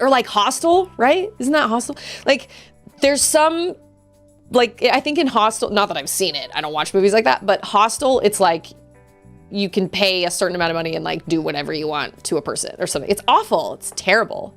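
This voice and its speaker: Animated ranting woman streamer. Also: a little high, moderate pace, soft background music. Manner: animated, exasperated, mocks others in sing-song voices. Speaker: game streamer. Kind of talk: casual ranting chat while streaming.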